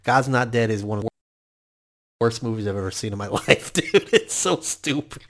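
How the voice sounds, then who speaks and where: A man's voice: fairly low pitch, steady tone, fairly quick, fairly bright tone. A man co-hosting a podcast in casual chat, joking and laughing often as he talks. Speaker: podcast co-host.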